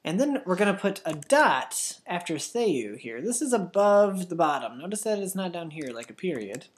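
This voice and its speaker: A woman teaching a children's language lesson, patiently slowing words down for pupils to repeat. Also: fairly low pitch, sing-song.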